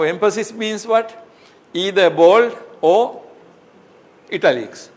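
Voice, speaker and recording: Male professor, slightly raised pitch, patient step-by-step lecturing with frequent fillers. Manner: explains step by step with many fillers and rhetorical questions. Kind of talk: academic lecture.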